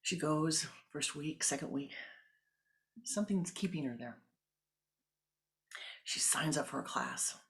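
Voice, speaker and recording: Woman spiritual teacher, slow deliberate storyteller. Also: low-pitched. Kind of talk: storytelling sermon.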